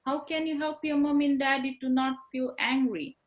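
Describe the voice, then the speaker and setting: A woman's voice: high-pitched, steady tone, moderate pace, muffled recording. A woman teaching young children in an online class over a video call, encouraging them with simple words and frequent tag questions.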